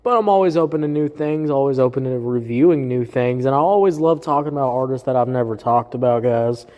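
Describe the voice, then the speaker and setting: A man's voice: mid-range voice, a little fast, dark tone, lo-fi sound. Profane rambling man reviewer. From southern US. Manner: profane, rambling, heavy fillers. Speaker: music reviewer host. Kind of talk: casual solo review chat. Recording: roomy hall reverb.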